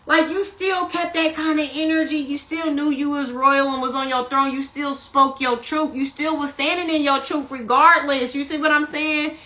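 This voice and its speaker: A woman giving a casual spiritual tarot reading on a phone live stream, animated and profane, who keeps checking in with her listeners. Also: sits high, normal speed, few pauses, slight background noise. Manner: animated, profane, keeps asking "you see what I'm saying". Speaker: tarot reader.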